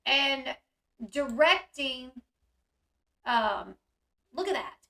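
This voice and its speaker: Woman, commentary host, bright voice, animated, echoey room. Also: high voice, slow pace, pauses often. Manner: animated, reacts loudly, acts out quoted yelling. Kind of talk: casual commentary on a news video.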